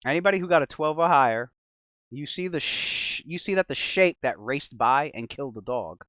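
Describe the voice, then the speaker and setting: A man's voice: medium pitch, a bit bright, dry recording. Brief: man as game master, dramatic storyteller with a dry, dull mic. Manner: profane, laughs often, mixes loose chat with dramatic description. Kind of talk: tabletop game narration, casual.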